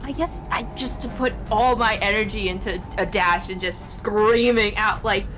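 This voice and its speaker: A woman playing a tabletop game, excitable and quick to laugh. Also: medium pitch, noisy background. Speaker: player. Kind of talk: casual tabletop play.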